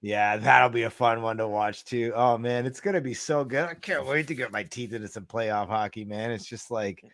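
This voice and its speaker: A man's voice: mid-range voice, moderate pace, fairly bright tone, no room sound, clean studio sound. A Canadian man co-hosting a sports chat, talking with emphatic enthusiasm and piling up vivid lists. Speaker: podcast co-host. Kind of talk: casual chat.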